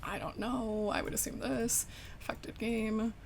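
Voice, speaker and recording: A woman's voice: fairly high pitch, level tone, measured pace, slight background noise. A woman streaming a game, chatting casually and swearing in frustration at her crashing computer.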